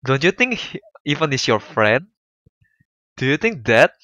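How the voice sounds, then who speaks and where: A man's voice: medium pitch, big pitch swings, measured pace, pushed and bright, no room sound, lo-fi sound. A young man streaming a visual novel, reacting emotionally and apologizing often as he plays. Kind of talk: let's play commentary.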